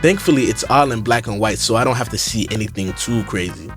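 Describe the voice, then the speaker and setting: A young man recapping a horror film in a slangy, animated, joking way. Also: fairly low pitch, a little fast, faint music behind. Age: young adult. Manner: slangy, animated, keeps saying bro. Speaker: YouTuber. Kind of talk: comedic movie reaction commentary.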